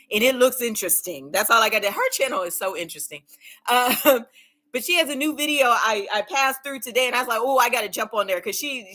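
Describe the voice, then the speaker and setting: Woman, livestream host, casual chat, encouraging, laughs often, slightly high pitch, bright voice.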